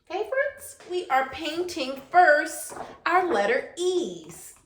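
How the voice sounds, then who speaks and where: Sing-song preschool teacher woman, high and lively. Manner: sing-song, drawn-out sounds, coaxing questions. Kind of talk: virtual preschool class. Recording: echoey room.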